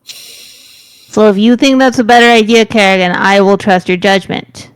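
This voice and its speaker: A woman playing a tabletop game, reasoning in a dry, measured way. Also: mid-range voice, clear, resonant tone, dry recording. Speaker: player. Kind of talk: tabletop role-play chat.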